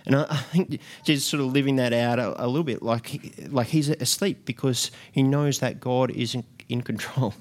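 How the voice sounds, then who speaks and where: A man's voice: medium pitch, steady tone, normal speed, few pauses. A man preaching a sermon in an earnest way, often restarting and repeating words as he goes.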